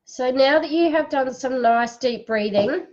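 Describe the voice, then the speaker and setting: A woman giving a psychic reading on a live stream, tearful, speaking in a slow, soothing way as she guides breathing. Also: high voice, a little mellow, lo-fi sound.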